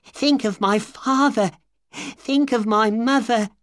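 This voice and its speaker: A man voicing a frightened young male thief who begs for mercy in a high, strained voice. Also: slow, fairly bright tone, no echo, full character voice. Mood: pleading. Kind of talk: audiobook character voice.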